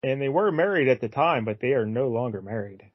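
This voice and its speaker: A man co-hosting a podcast, retelling a comic in a relaxed, joking way. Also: medium pitch, no echo. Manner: relaxed, joking, quick to laugh. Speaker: podcast co-host. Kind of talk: casual chat retelling a comic. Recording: dull, dry, lo-fi.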